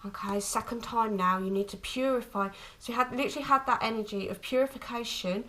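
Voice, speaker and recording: Tender woman tarot reader, halting speech. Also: on the high side, a bit bright, low-quality recording. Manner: tender, calls listener "my lovely"; halting, many restarts and fillers. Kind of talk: intuitive tarot reading to camera.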